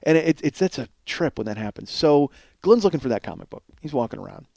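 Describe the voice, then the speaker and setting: Man, 40s, podcast host, comic storyteller, animated, profane, fairly high voice, dry sound. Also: quick pace, creaky, no room sound. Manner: animated, profane, acts out voices with big pitch swings.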